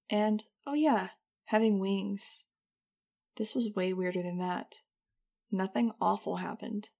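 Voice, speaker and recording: A woman's voice: mid-range voice, gravelly, darkish tone. A woman narrating a first-person audiobook in a wry, conversational way.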